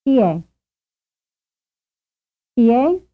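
Woman, language drill model phrases, slow deliberate delivery, a bit high, thin tinny tape. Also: big pitch swings. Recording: tinny lo-fi tape over a narrow band.

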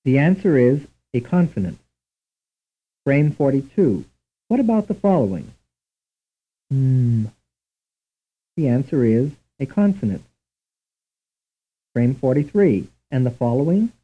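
Male instructor for lesson drills: slow, deliberate delivery with lively pitch, tinny lo-fi tape sound. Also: slightly rough. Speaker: language instructor. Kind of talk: scripted programmed-lesson narration.

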